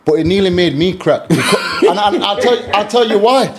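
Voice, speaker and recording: A man's voice: high-pitched, lively intonation, normal speed, background noise. A man with a Sheffield accent, co-hosting a podcast in casual chat, ranting animatedly about phone calls. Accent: Sheffield English. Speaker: podcast co-host. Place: podcast studio.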